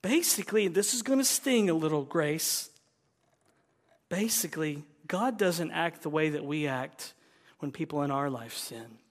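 A man pastor preaching a sermon, dropping to hushed whispers and then rising to loud, emphatic declarations. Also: a little high, expressive, unhurried. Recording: long reverb of a large hall.

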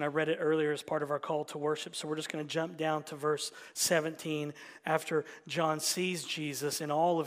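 A male pastor preaching a sermon, dropping to hushed whispers and rising to loud emphatic lines. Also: on the high side. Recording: long church reverb.

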